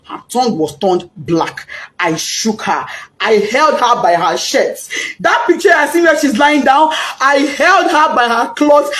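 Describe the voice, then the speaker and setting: A woman's voice: sits high, animated, a little slow, a bit bright, slight background noise. A middle-aged Nigerian woman giving impassioned, pleading testimony as a bereaved mother, switching into Yoruba and Pidgin. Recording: echoey room.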